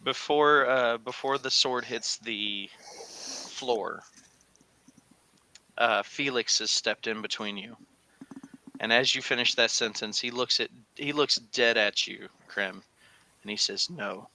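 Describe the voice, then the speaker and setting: A man narrating a tabletop game as game master, with a bright, forceful voice set on the low side. He tells the scene in an animated way with frequent fillers. The sound is dry and close. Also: slow, pauses often, dry recording.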